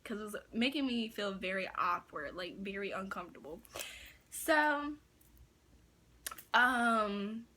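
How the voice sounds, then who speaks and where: A woman's voice: mid-range voice, expressive, slow pace, pauses often, pushed and bright, slight background noise. A young woman vlogger telling a story in a casual, chatty way, full of fillers like "like" and "you know.".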